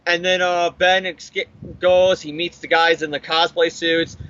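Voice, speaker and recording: A man casually recapping a comic book on a podcast, animated and profane, acting out the characters' lines. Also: high voice, unhurried, muffled recording. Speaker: podcast co-host.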